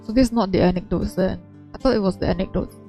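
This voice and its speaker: A woman's voice: mid-range voice, steady tone, fast talker, mellow, soft background music. A woman chatting casually over a game she plays, musing aloud and laughing often. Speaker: game streamer. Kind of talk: casual gameplay commentary.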